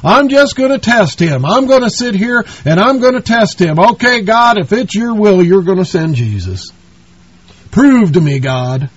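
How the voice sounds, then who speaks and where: A man's voice: high voice, lively intonation, a little slow, breathy edge, voice pushed up, full character voice. A man voicing a doubting man who sits back and dares God to prove himself, in a raised, mocking tone, on a dull lo-fi recording.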